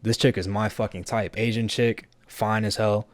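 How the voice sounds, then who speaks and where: A man's voice: fairly low pitch, little pitch movement, no room sound. A brash young man in his twenties, telling a story on his vlog with lots of swearing. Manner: brash, profane, rapid-fire. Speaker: vlogger.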